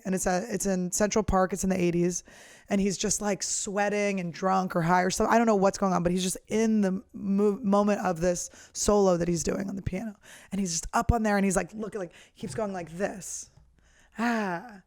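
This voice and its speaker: A woman's voice: medium pitch, normal speed, no echo, clean studio sound. A woman comedian talking in a casual monologue, blunt and profane as she rants. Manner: blunt, profane, lively ranting. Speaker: professional comedian, podcast host.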